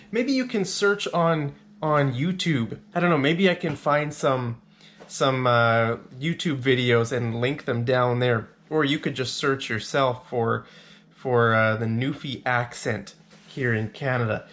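A man's voice: mid-range voice, measured pace, fairly bright tone, slight background noise. A man vlogging to camera indoors in a rented apartment. He talks in a rambling, chatty way with frequent restarts. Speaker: travel vlogger. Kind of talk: casual chat to camera.

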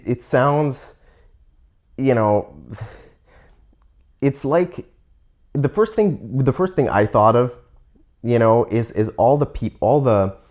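A man's voice: on the low side, a little mellow. A man with a Canadian accent talking candidly in a casual monologue, often restarting and stopping to explain words for learners.

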